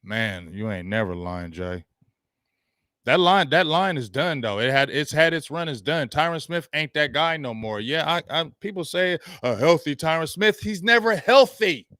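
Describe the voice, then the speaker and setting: A man hosting a sports talk show, ranting about his team in slangy, animated talk and reading out viewer comments. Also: on the high side, moderate pace, dry recording, studio quality.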